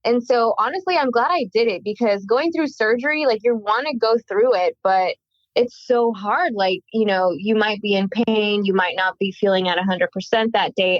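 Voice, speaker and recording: A woman's voice: mid-range voice, normal speed, dry recording, highs cut off. A woman guest talking earnestly and reflectively in a casual conversation.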